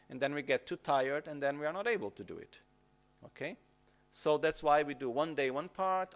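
Man, buddhist teacher, calm step-by-step instruction, somewhat high voice. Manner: calm, repetitive instructive phrasing, checks in with "okay?". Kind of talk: dharma teaching on retreat.

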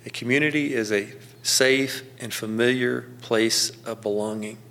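A male pastor delivering a sermon through down-to-earth local stories. His voice sits at an ordinary middle pitch, and he often chuckles and drags out key words for emphasis. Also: steady tone, fairly bright tone, slight background noise. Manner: folksy storytelling, slows down for emphasis, chuckles often.

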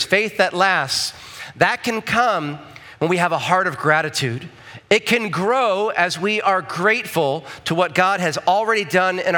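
A man's voice: high-pitched, sharp tone. A male pastor preaching a conversational sermon in church, often checking in with the congregation with asides.

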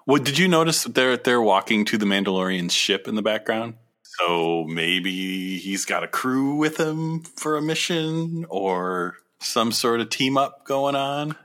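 A man's voice: mid-range voice, lively intonation, measured pace, a bit bright. A man co-hosting a casual podcast, riffing playfully and laughing a lot as he reacts to a trailer. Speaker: podcast co-host.

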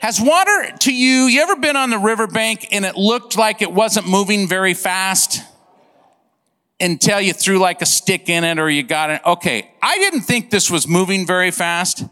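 A man preaching a sermon, telling a funny story in an animated, comic way and acting out sound effects. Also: high-pitched, moderate pace, in a large hall. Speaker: pastor. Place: church.

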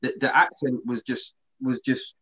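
A man, co-hosting a casual chat and telling a story in relaxed slang with many restarts. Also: mid-range voice, moderate pace, husky. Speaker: podcast co-host. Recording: slightly dull lo-fi sound.

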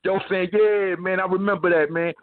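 A man's voice: high voice, steady tone, normal speed. A man, casually telling stories as a guest, filling his talk with "man" and "you know what I'm saying". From New York. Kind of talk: casual storytelling. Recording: tinny phone line.

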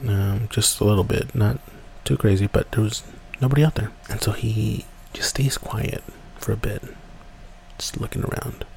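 A man casually telling a spooky woods story, rambling and dropping to hushed whispers at tense moments. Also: lowish voice, gravelly, a little hiss or hum. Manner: relaxed, rambling, drops to hushed whispers for tension. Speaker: podcast storyteller.

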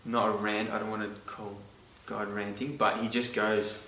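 A man's voice: on the low side, level tone, normal speed, sharp tone, a little hiss or hum. A man preaching a sermon in an earnest way, stressing key words hard. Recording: roomy, echoey from a distance.

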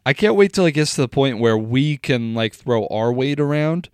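A man's voice: mid-range voice, animated, normal speed, clear, resonant tone, no echo, studio quality. A man co-hosting a podcast in casual chat, joking crudely in a laid-back way. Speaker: podcast co-host. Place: indoor room.

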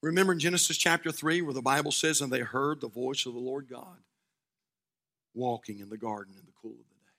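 A male pastor preaching a sermon, swinging between shouted fervor and hushed, quiet passages. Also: mid-range voice, a little fast.

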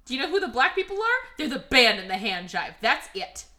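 A woman co-hosting a podcast in loose, casual chat. Her voice is bright and fairly high, and it swings widely in pitch as she gets animated. She laughs often, swears freely and acts out other people's lines. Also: brisk. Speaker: podcast co-host.

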